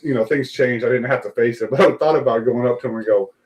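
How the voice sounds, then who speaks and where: On a rough recording, a talk show host with a mid-range voice tells a long story fast during a casual live show. He is an animated storyteller who voices each person he quotes.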